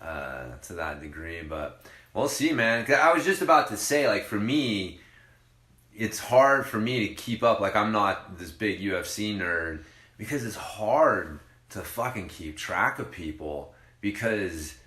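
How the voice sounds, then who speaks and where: A man's voice: lowish voice, expressive, a little slow, sharp tone, reverberant. A man co-hosting a podcast, chatting in a laid-back, agreeable way and swearing casually. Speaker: podcast co-host. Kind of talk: casual chat.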